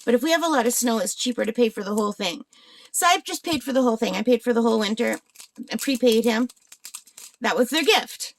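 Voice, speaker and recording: A woman's voice: a little high, fast, dry recording. A woman in her forties from northern Ontario, Canada, chatting casually and rambling while she works on a craft. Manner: chatty, rambling, asks viewers questions. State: hiccups. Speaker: crafting channel host.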